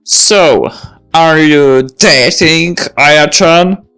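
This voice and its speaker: A woman voicing a gentle, fond old grandfather while reading a visual novel aloud. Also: low voice, smooth, soft background music, exaggerated voice. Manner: slow, fond, grandfatherly delivery.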